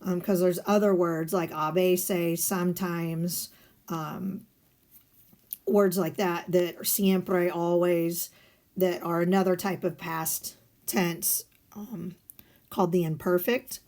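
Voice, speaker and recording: A woman's voice: on the low side, fairly even intonation, slow pace, darkish tone. A woman teacher explaining grammar step by step in a recorded lesson, patient and methodical with frequent filler sounds. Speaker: Spanish teacher. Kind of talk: recorded guided-notes lesson.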